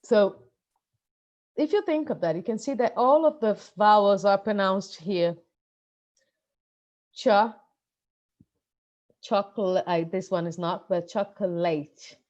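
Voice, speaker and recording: A woman with a Brazilian Portuguese accent gives a lesson for English teachers. She explains things patiently and slows down to model words for learners, and her mid-pitched voice comes through slightly dull, lo-fi audio. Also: darkish tone. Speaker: pronunciation teacher.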